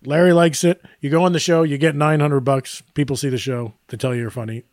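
Higher-pitched man, rambling and self-deprecating. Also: steady tone, brisk, a little mellow, no echo, clean studio sound. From Greek heritage. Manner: rambling, self-deprecating, laughs while talking. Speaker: podcast co-host. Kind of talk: casual chat.

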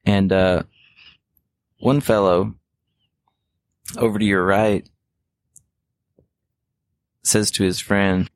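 Male game master, low-ish voice, calm descriptive narration. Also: drawn-out words, pauses often.

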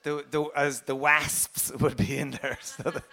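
A man's voice: fairly high pitch, flat delivery, a loud crowd. A man with a Limerick Irish accent, a comedian guest telling playful anecdotes on stage. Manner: anecdotal, playful, does quick impressions. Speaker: comedian and meditation teacher guest. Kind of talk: storytelling on stage.

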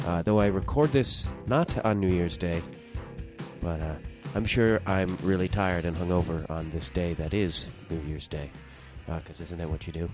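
A man's voice: low voice, moderate pace, over music. A young man hosting his own podcast, telling a story in a rambling, self-interrupting way and swearing casually. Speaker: podcast host.

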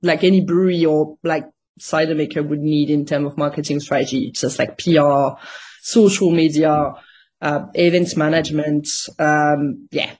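A woman's voice: low-pitched, fairly even intonation, moderate pace, a little mellow. A woman, speaking as a podcast guest in casual interview chat and often searching for words in English. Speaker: podcast guest, marketing agency founder.

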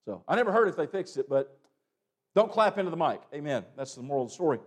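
A young man preaching a sermon, breaking into loud calls between plain teaching and quick asides. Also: fairly high pitch, big pitch swings.

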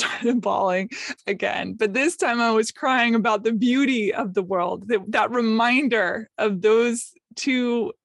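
A woman's voice: fairly high pitch, fairly bright tone, no room sound, studio quality. A woman, a podcaster and guest, telling an emotional personal story in conversation, self-deprecating and openly emotional. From United States. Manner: emotional, self-deprecating, quotes others in light voices.

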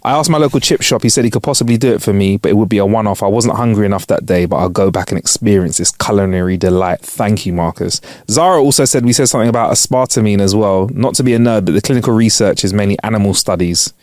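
A man's voice: fairly low pitch, fast talker, hardly any pauses, darkish tone, no room sound, studio quality. A man co-hosting a podcast, chatting casually with slangy banter. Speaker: podcast co-host. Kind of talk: casual chat.

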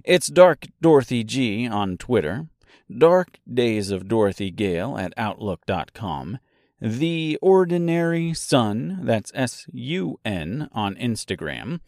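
A man hosts a solo podcast about his own book, talking to listeners in a chatty, pun-loving way. His pitch moves around a lot, and he speaks slowly. The sound is dry and close, with no room echo. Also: sing-song, darkish tone. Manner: playful, fond of puns and dad jokes; chatty, addresses listeners directly. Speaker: podcast host and author.

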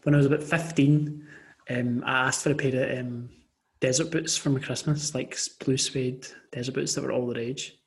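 A young man co-hosting a podcast over a video call, telling animated stories with frequent restarts. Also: medium pitch, normal speed. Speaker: podcast co-host. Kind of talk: casual chat.

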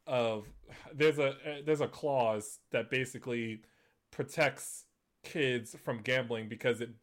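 Casual man hosting gaming news. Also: medium pitch. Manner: conversational, many fillers and restarts, laughs at points. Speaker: gaming news show host. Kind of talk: casual commentary.

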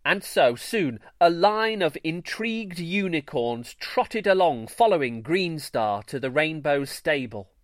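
A man hosting a children's story show, giving scripted narration in a playful, expressive way. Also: fairly high pitch, measured pace, hardly any pauses, no room sound, studio quality. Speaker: storyteller host.

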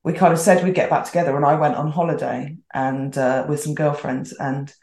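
A woman's voice: deep voice, steady tone, fairly quick, darkish tone. A middle-aged woman telling a story casually as a podcast guest, chatty and acting out the voices she quotes. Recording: roomy echoey sound.

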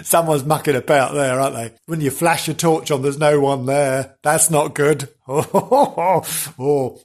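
With a breathy edge to his higher-pitched voice, a man hosting a podcast gushes theatrically through a comic history tale, piling on jokes and exclamations.

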